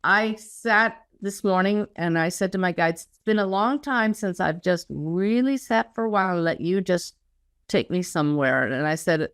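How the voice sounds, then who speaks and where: A woman author being interviewed, speaking earnestly and slowing down to stress quoted words. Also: fairly low pitch, smooth, no echo, studio quality. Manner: earnest, slows down when quoting guidance. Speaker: interview guest, spiritual author. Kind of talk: casual conversational interview.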